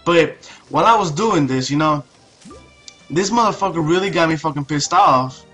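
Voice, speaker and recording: A man's voice: on the high side, normal speed, bright, forceful tone, soft background music. A young man telling a story over gameplay in a casual, profane, ranting way, with many restarts. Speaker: video commentator.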